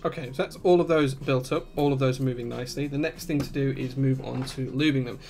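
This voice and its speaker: A man hosts a live build stream, explaining each step methodically and breaking off to answer chat. His voice has a gravelly texture. Soft music plays faintly behind him. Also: medium pitch, steady tone, quick pace.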